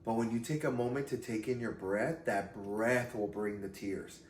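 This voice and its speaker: A man who is a comedy video creator and actor, chatting casually and telling animated stories in which he acts out the voices of the people he quotes. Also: on the low side, normal speed. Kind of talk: casual podcast chat. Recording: roomy echo with faint ambience.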